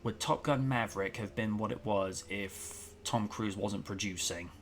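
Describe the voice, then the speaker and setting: A man's voice: lowish voice, unhurried, slight background noise. A man hosting a casual talk show, chatting in an opinionated, rambling way with plenty of fillers. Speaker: podcast host. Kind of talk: casual chat.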